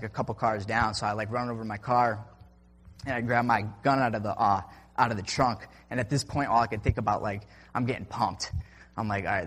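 A man's voice: lowish voice, fairly bright tone. Rambling young man telling a story, reverberant. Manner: rambling, full of "like" and "I'm like" quotes. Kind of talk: personal story told casually. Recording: long reverb.

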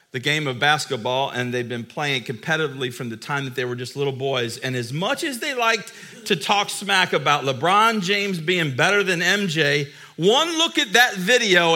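Middle-aged man, casual storytelling, animated and emphatic, slightly high voice. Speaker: vlogger, father telling a story.

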